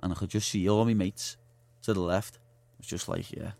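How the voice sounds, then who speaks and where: A man's voice: sits low, steady tone, brisk, a little mellow, no echo. A young man with a Liverpool accent, a guest in a radio studio, chatting casually and telling stories full of slang and fillers. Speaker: guest fighter.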